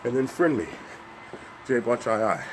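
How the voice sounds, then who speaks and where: A man's voice: medium pitch, lively intonation, normal speed, noisy background. An older man doing a motivational fitness vlog while climbing stairs, slightly winded, upbeat and coaxing as he talks straight to viewers. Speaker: fitness vlogger.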